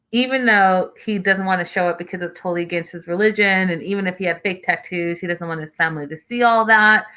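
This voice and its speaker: A woman hosts a reality TV recap show with a bright, forceful voice at an ordinary middle pitch. She talks in a sassy, exasperated way, ranting and mimicking the people she talks about. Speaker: host.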